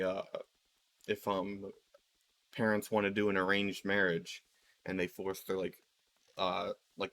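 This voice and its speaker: A man's voice: deep voice, fairly bright tone. A man ranting casually while playing a game, rambling with lots of fillers and swearing. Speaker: video creator. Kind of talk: casual rant while gaming.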